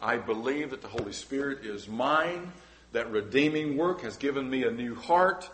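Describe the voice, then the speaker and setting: A man's voice: mid-range voice, expressive, normal speed. Earnest preaching pastor, man. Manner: earnest preaching, rising to fervent cries and dropping to quiet appeals. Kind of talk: sermon. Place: church sanctuary with balcony.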